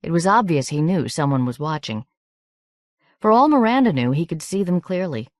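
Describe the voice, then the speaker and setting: A woman narrating an audiobook in a measured, steady reading. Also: low voice, no echo, clean studio sound.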